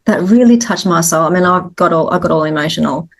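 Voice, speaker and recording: Gravelly-voiced woman interview host. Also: fairly low pitch, quick pace. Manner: affirming, effusive, many murmured agreements. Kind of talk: casual interview chat.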